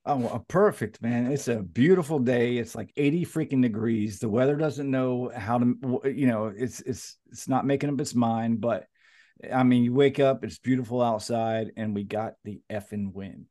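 Brief: laid-back co-host, mid-range voice, rambling. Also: male voice, medium pitch, normal speed. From United States. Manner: relaxed, lots of restarts and "you know". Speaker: podcast co-host. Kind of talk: casual sports podcast chat.

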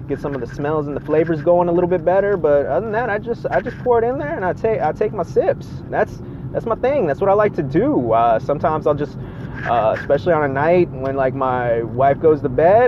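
A man talking casually to the camera while driving, joking and rambling, now and then slipping into goofy sung bits. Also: mid-range voice. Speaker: vlogger. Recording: dull lo-fi car audio with road noise.

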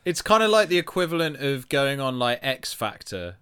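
A man's voice: medium pitch, sing-song, moderate pace, a bit bright, clear, resonant tone, no room sound, studio quality. A man co-hosting a casual sports podcast, jokey and fond of telling comic stories. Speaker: podcast co-host.

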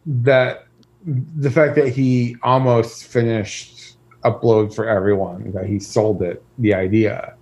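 A man's voice: mid-range voice, steady tone, slow, a little mellow, muffled recording. A man co-hosting a casual chat, easygoing and agreeable. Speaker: podcast co-host.

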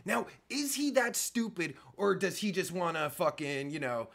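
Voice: medium pitch, sing-song, normal speed, gravelly. A reaction-video host giving angry, profane commentary, ranting and swearing constantly.

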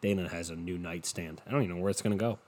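A man hosting a solo podcast, rambling in a profane, deadpan way and sounding tired. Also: sits low, very fast. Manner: profane, meandering and deadpan, with frequent swearing. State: tired and yawning. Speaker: podcast host.

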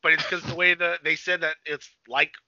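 Man, very bright voice, casual rambling plot recap, dry lo-fi sound. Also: a little high, brisk, gravelly, no echo. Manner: rambling plot retelling full of "like", with animated quoted voices. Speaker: podcast co-host reviewing a movie. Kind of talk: casual chat. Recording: slightly dull lo-fi, dry.

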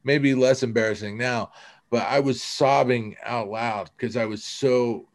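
A man's voice: medium pitch, fairly even intonation, unhurried. A man telling his own recovery story on a podcast, earnest and casual, often dropping "man".

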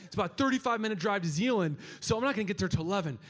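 A man's voice: sits high, rapid-fire. A young man, telling a story to an audience and acting out the quotes. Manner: animated, acts out quotes, laughs often. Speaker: speaker at a young adults gathering.

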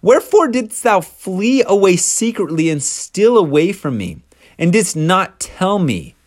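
A man voicing a furious old father-in-law from a Bible story, speaking in high, drawn-out archaic English. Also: big pitch swings, dry recording, studio quality, full character voice. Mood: outraged. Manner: high, stretched-out archaic indignation.

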